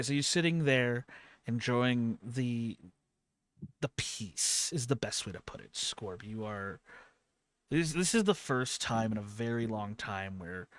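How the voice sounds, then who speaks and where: A man's voice: medium pitch, a bit bright, no echo. A man narrating as game master of a tabletop role-playing game, rambling with many fillers and restarts.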